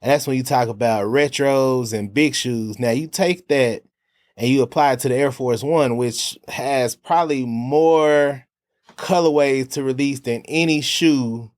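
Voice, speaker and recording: A man's voice: mid-range voice, a little slow. A man hosting a casual studio talk show with a group of guests, laid-back and often saying "you know what I'm saying.". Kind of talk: casual chat.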